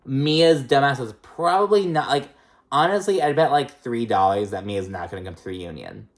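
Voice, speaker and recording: A reality TV recap host runs through an episode casually at normal speed in a medium-pitched voice, gossiping, swearing freely, and stuffing the talk with fillers like "like" and "um." The delivery is chatty and animated, with cast members mimicked in raised voices.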